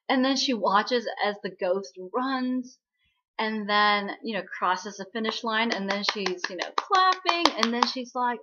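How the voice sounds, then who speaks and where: A woman giving a casual spoken recap of a TV drama, chatty and full of fillers, acting out quoted lines in a higher voice. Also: normal speed, pushed and bright, muffled recording.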